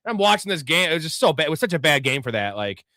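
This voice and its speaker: A chatty man hosts a live sports stream in a bright, crisp voice. He talks through bets and greets the chat with casual swearing. The sound is dry and close. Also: fairly high pitch, sing-song, very fast, no room sound. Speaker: host.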